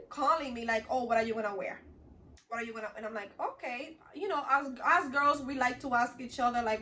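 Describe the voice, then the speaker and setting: A woman's voice: fairly high pitch, a bit bright, slight background noise. A young woman from the Dominican Republic telling a storytime vlog in a chatty, rambling way, full of "like" and restarts. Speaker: vlogger. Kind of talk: casual storytime chat.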